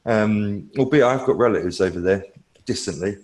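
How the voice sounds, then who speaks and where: Male tech analyst guest, lower voice, loose conversational answers that think aloud. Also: normal speed. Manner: thinking aloud with fillers and restarts. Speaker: cloud technology analyst, guest.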